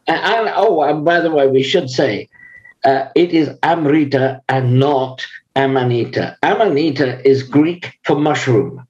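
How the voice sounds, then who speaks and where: An older man being interviewed as a guest, speaking in a measured, unhurried way with frequent pauses. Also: mid-range voice, a little mellow, lo-fi sound. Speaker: guest, author and lama. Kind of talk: conversational interview.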